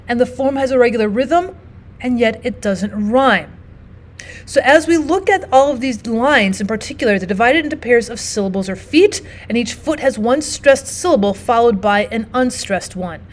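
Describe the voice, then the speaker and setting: Woman teacher, fairly high voice, steady explanatory lesson narration. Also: moderate pace. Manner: explanatory, steady, often starts with "now" and "so". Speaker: literature teacher.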